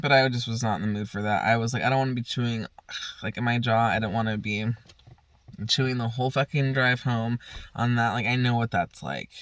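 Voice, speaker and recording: Young guy rambling thru a story, swears constantly, dry close sound, mid pitch. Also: brisk, fairly bright tone, no room sound. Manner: profane, rambling, laughs a lot. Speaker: vlogger. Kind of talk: casual storytelling.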